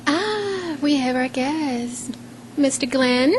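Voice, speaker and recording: A woman's voice: high-pitched, animated, takes it slowly. Chatty woman radio co-host with humming noise. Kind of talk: casual talk radio.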